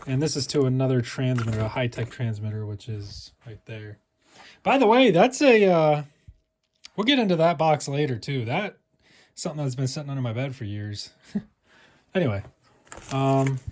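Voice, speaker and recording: A young man doing a casual unboxing vlog, rambling and breaking into excited high exclamations as he goes. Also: moderate pace, pauses often. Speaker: RC car vlogger.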